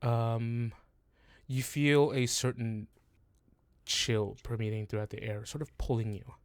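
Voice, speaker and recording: A man narrating as game master of a tabletop game, halting and full of restarts, on a close, dry home mic. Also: mid-range voice, level tone, no room sound.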